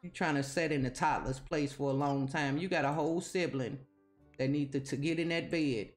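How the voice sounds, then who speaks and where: A woman's voice: sits low, fairly even intonation, moderate pace, soft background music. Chatty woman scolding her game characters. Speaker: gaming video host. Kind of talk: casual game commentary.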